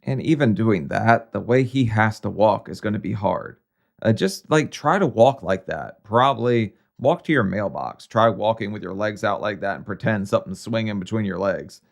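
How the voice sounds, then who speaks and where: Brief: male reaction host, low gravelly voice, blunt teasing asides. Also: lively intonation, normal speed. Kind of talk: casual commentary.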